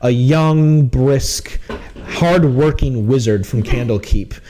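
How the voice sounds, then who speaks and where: A man's voice: mid-range voice, slow pace, warm tone, rough recording. A man narrating as game master, rambling with many fillers. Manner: rambling, lots of "like".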